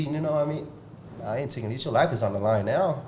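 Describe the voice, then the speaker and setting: A man's voice: fast, a little mellow. A man hosting a podcast, talking bluntly and intensely in a repetitive pep-talk way. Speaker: podcast host and martial arts coach. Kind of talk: casual motivational podcast talk. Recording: roomy with faint rumble.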